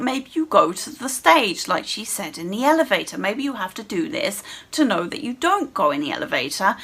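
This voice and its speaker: Exasperated woman ranting. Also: on the high side. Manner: swearing heavily, exasperated, animated. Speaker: gaming vlogger. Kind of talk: angry gaming rant.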